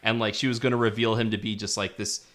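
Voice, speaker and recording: Laid-back low-voiced man on a film podcast. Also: level tone, quick pace, a bit bright. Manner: laid-back, chuckling, talks through his points with restarts. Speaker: podcast co-host. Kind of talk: casual film review chat.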